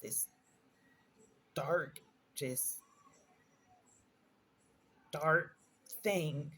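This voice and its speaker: A woman's voice: deep voice, extremely slow, fairly bright tone, slightly rough. Earnest woman vlogger telling a storytime. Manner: earnest and emphatic, repeating phrases for stress. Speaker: vlogger telling personal stories. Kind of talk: casual storytime monologue.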